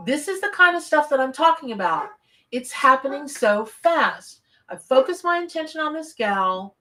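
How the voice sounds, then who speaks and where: A woman's voice: fairly high pitch, pushed and bright, far from the mic. A woman, live-streaming a tarot reading from her home office, chatty and effusive as she greets viewers. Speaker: tarot reader on a livestream.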